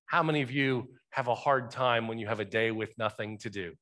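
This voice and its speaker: A man's voice: medium pitch, fairly quick, bright, forceful tone. A male pastor preaching a sermon in a church, talking conversationally and asking the congregation questions. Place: church sanctuary.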